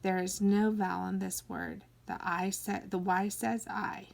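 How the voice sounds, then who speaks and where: A woman teaching phonics to young children, sounding out each word slowly and coaxing them to follow along. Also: mid-range voice, level tone, vocal fry, a little mellow. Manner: slow, drawn-out sounding-out of words; coaxing, encouraging teacher talk. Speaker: kindergarten teacher.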